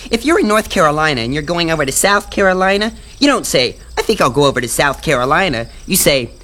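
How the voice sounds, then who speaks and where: A woman's voice: low-pitched, lively intonation, fast talker, fairly bright tone. A woman playing a talkative know-it-all boy in a radio drama who explains things to his friends. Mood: explaining. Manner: explaining, storytelling.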